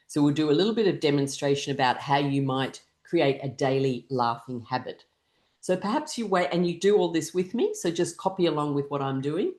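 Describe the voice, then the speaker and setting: A laughter class leader in a mid-pitched voice, calmly talking listeners through a morning laughter routine. Each step is spelled out gently, with an open invitation to copy along. Soft fillers slip in here and there as the instructions unfold. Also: a little fast. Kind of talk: guided laughter exercise class.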